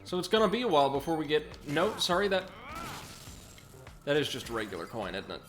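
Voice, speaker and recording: A man's voice: fairly high pitch, quick pace, faint music behind. A man hosting a let's play, chatting casually and reacting to viewers while he plays, often correcting himself mid-sentence. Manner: chatty, self-correcting, excitable. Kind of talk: casual gameplay commentary with chat reading.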